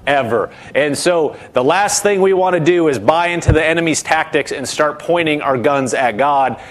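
A man preaching a sermon, earnest, repeating words for emphasis and dropping low and soft when he voices doubts.

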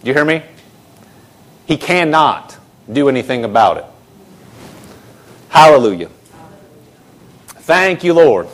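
A man preaching a sermon as a pastor, emphatic, repeating phrases and shifting between slow and rushed delivery. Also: medium pitch, sing-song.

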